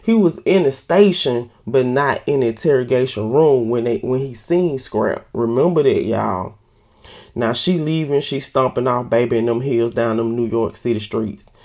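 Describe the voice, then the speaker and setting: A woman's voice: very deep voice, normal speed, mellow, highs cut off. A woman casually recapping a TV episode in a loose, slangy way and laughing at herself. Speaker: TV recap host.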